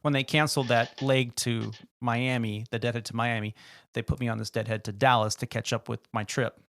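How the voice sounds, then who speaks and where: Man, podcast host, animated storyteller, dry close mic. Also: medium pitch, brisk, vocal fry, no echo. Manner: animated, acts out quoted people in his stories. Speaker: podcast host and flight attendant. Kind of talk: casual storytelling chat.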